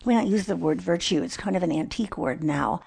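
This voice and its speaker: A woman's voice: lowish voice, fairly quick, gravelly, darkish tone, husky. An older woman giving a devotional talk in an earnest, reflective way. She sometimes drops to a near whisper. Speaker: Christian speaker.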